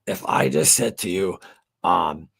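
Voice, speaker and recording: In a casual livestream, a middle-aged male host rambles to viewers with many fillers and free swearing. His low-pitched voice is gravelly, a bit bright and breathy-edged, expressive and unhurried.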